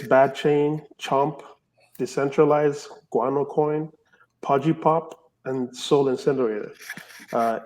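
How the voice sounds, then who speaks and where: A man's voice: mid-range voice, darkish tone, a little hiss or hum, rough recording. Chatty man giving team updates. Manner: chatty, leans on "you know" and "um". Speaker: team member presenting updates. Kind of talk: casual community call update.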